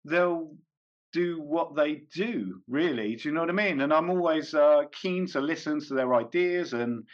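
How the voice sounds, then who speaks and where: A man's voice: fairly high pitch, unhurried. A man being interviewed as a comedian and actor, talking casually and hesitantly with many fillers, restarts and small laughs. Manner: rambling, hesitant, frequent fillers and self-corrections, laughs often. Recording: dull lo-fi recording.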